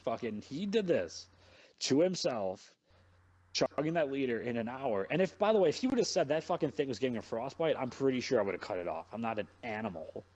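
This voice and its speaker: A young man hosts a podcast in a medium-pitched voice, talking a little fast; there's no echo, though the audio is dull. He tells a long story in casual chat, rambling with animation and swearing constantly.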